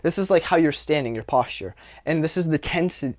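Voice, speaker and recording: A young dating coach gives a casual talk to camera in a fairly high, expressive voice, speaking a little fast. He's loose and conversational, full of fillers and repetition, with occasional swearing.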